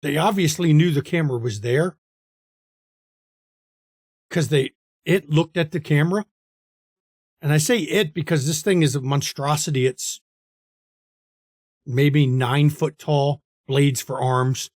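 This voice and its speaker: A man running a tabletop role-playing game, narrating scenes with a halting delivery. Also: on the high side, a little mellow, no room sound, clean studio sound.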